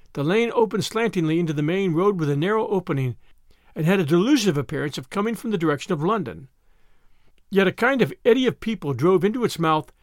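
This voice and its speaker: A man reading a classic novel aloud as a dramatic, expressive audiobook narrator. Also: sits high, no echo, clean studio sound. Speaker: audiobook reader.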